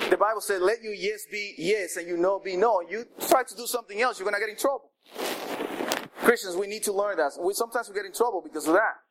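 A man preaching a sermon in a conversational, animated way, with asides to the congregation. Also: high-pitched, a little hiss or hum, low-quality recording.

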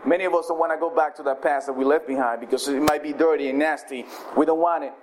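A high-pitched man preaches a sermon in a loose, conversational way, retelling scripture as if chatting. His speech restarts often. A faint hiss of background noise sits under the recording. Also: fairly even intonation, fast talker.

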